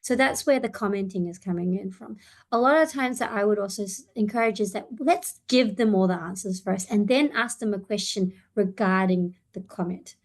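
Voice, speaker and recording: At a moderate pace and medium pitch, a woman therapist talks parents through an online seminar. Friendly and full of fillers like um and you know, she thinks out loud while her voice breaks slightly.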